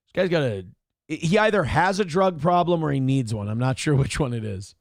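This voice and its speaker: A man's voice: fairly high pitch, animated, brisk, dry recording, clean studio sound. A man hosting a morning show, mocking a clip in a sarcastic, profane rant. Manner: sarcastic, ranting, swears freely. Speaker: show host reacting to clips.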